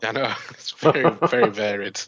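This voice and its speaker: A man's voice: lowish voice, moderate pace, a bit bright, dry recording. A man co-hosting a casual podcast chat in a laid-back, dry way. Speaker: podcast co-host.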